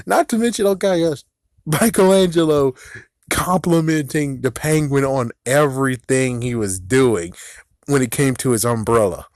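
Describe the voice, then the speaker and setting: A man giving a casual, excitable movie review who laughs often and swears casually. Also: medium pitch, unhurried, dry recording, studio quality.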